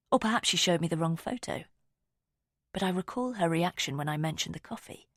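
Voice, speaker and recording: A woman narrating a first-person audiobook in a quiet, measured, intimate way. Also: on the low side, expressive, no room sound, studio quality.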